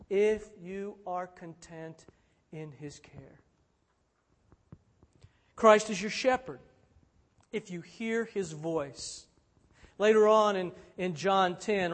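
A man preaching a sermon in measured phrases, swelling to emphatic peaks and then dropping low and soft. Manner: slow, measured phrasing with repeated refrains.

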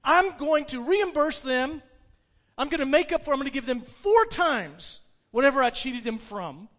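A man's voice: extremely high pitch, very animated, normal speed, fairly bright tone, heavily acted. A man preaching voices an eager, repentant male tax collector making earnest, raised declarations in a sermon. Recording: long hall reverb.

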